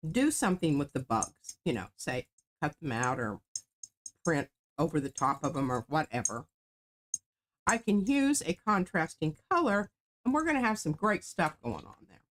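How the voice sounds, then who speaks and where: A woman's voice: low voice, very animated, normal speed. A woman casually talking through an art stamping demo, explaining each step as she works. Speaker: artist demonstrating stamping. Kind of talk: casual craft demo chat.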